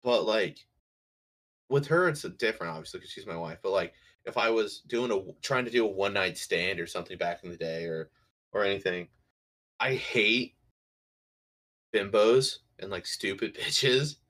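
A man's voice: on the low side, normal speed, a bit bright. Blunt, profane married man. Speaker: podcast co-host. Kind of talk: casual podcast chat.

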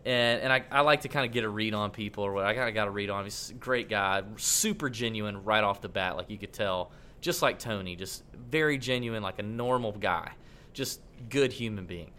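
A man co-hosting a podcast, telling a long story in a casual, rambling, animated way. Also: lowish voice, fairly quick. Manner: animated, rambling, acts out quotes. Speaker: podcast co-host.

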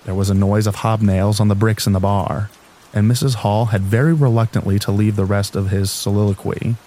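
A man giving calm, measured scripted narration of a classic novel. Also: on the low side, slight background noise, low-quality recording. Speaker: audiobook narrator.

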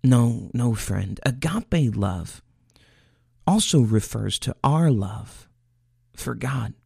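Gravelly, husky-voiced male preacher. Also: mid-range voice, animated, slow pace, a little mellow, no room sound, studio quality. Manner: earnest, emotional preaching with repeated restarts. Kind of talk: sermon.

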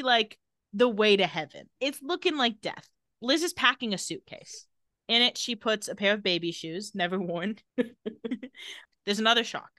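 A young woman co-hosting a podcast, recapping a TV episode in a sarcastic, deadpan play-by-play and acting out the characters' lines. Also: a little high, no room sound, studio quality. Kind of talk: casual recap chat.

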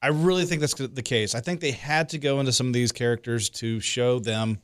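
A man co-hosting a show, chatting in a relaxed way and laughing easily. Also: mid-range voice, fairly quick. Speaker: radio show co-host. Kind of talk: casual chat.

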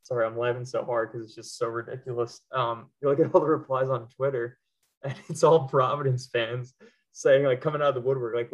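A man's voice: medium pitch, fairly even intonation, brisk. A man co-hosting a sports podcast, chatting casually, rambling and laughing often. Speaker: podcast co-host.

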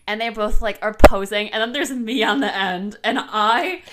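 A woman's voice: mid-range voice, moderate pace, very noisy. A young woman co-hosting a podcast, rambling casually through self-deprecating stories. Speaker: podcast co-host. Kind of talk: casual chat.

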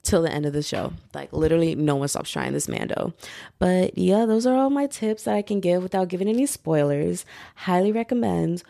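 A woman's voice: on the low side, animated, fairly quick, vocal fry, dark tone, faint music behind. A young woman hosting her own podcast, chatting casually and animatedly with lots of fillers. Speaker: podcast host. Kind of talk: casual solo podcast chat.

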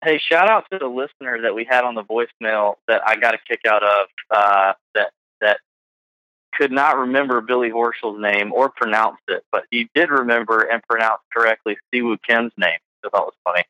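A man hosts a casual podcast with a bright, forceful voice. He rambles along with plenty of fillers. The sound is dry and slightly dull. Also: medium pitch, brisk, dry recording. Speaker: podcast host.

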